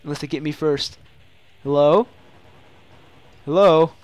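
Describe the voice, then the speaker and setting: A young man casually commenting while playing a shooter game, excitable and prone to loud yelps and mock-dramatic taunts. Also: fairly high pitch, slow pace. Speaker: gaming channel host. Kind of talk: live gameplay commentary.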